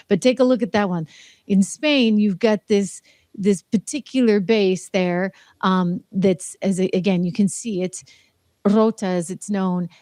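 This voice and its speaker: A woman's voice: mid-range voice, warm tone, no room sound, clean studio sound. A woman hosting an opinionated news commentary stream, reading headlines and adding sarcastic, scolding asides with laughs.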